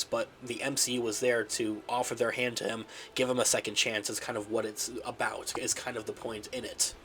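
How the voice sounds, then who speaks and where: Fast-talking nasal man hosting a channel. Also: mid-range voice, slight background noise. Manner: rapid, energetic channel-host patter. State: sick with a stuffy nose. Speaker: channel host. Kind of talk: upbeat online commentary.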